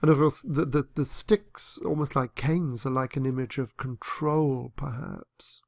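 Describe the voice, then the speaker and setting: A man's voice: mid-range voice, steady tone, a little slow, creaky, no echo, studio quality. A man teaching a literature lesson on a poem, thoughtful and hesitant, with many fillers and restarts. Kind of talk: lecture on poetry.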